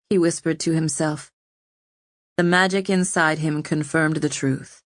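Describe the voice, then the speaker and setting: A woman narrating an audiobook in an even, measured voice, pitched fairly low. The recording is dry and close, with no room sound. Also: dry recording. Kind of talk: scripted narration.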